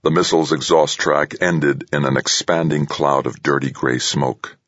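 A man narrating a thriller audiobook in a lively, dramatic reading. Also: extremely low pitch, moderate pace, no room sound, lo-fi sound. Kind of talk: scripted narration.

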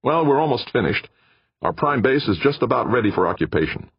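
A man's voice: medium pitch, very animated, brisk, breathy edge, no echo, lo-fi sound, pitched above the performer's own voice. A man voicing a stiff, suspicious male mission doctor who talks curtly and insistently. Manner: curt, insistent, mistrustful.

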